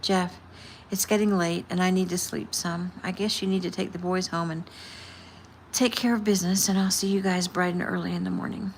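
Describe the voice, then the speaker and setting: A woman's voice: on the low side, steady tone, normal speed, a little hiss or hum. Woman casually reading her novel aloud. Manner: reads casually, softly voicing each character. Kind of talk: casual audiobook narration with character dialogue.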